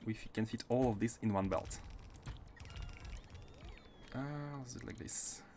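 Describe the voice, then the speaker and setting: A man's voice: on the low side, fairly even intonation, a little slow, mellow, slight background noise. A man from France with an accent mixing French and Russian, thinking aloud as he streams gameplay and chats with viewers. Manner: thinks aloud while planning builds and answering chat. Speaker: game streamer. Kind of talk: live gameplay commentary.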